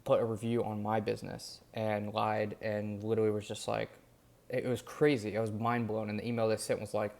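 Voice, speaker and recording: A young man speaks in a low, gravelly voice, rambling candidly through an update. His delivery stays fairly flat, full of fillers and restarts. It sounds like a casual daily vlog. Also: brisk. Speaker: vlogger documenting his days.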